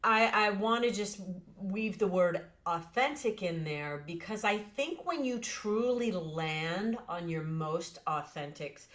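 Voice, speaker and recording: A woman's voice: medium pitch, animated, takes it slowly, hardly any pauses, a bit bright. A woman hosting an interview, guiding the chat and affirming her guest often. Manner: affirming, frequent short acknowledgements. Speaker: interview host. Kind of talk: conversational interview.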